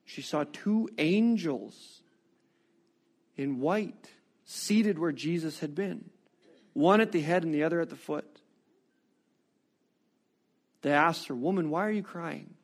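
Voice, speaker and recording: A man preaching a sermon, reading scripture and reflecting on it with expressive, rising rhetorical questions. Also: a little high, takes it slowly, pauses often.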